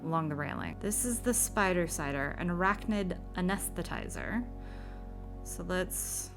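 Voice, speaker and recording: A woman's voice: fairly low pitch, a bit bright. A woman playing through an old horror computer game, reading its text aloud with dramatic flair and dropping wry asides. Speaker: game streamer.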